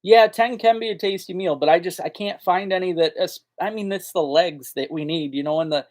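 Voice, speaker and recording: A man's voice: high-pitched, brisk. A man hosting a live fishing chat, talking in a folksy, rambling way and answering viewers' comments. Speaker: fishing channel host. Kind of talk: casual live-stream chat.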